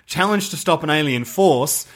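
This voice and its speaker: A man, co-hosting a casual film discussion, animated and laughing as he recounts a movie's plot. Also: a little high, normal speed. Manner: animated, laughing, reads plot synopsis aloud. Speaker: podcast co-host.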